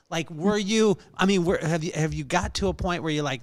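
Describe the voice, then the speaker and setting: A man's voice: sits high, a little fast, few pauses, dry recording. A man hosting a podcast interview, asking playful, joking questions. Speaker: podcast host.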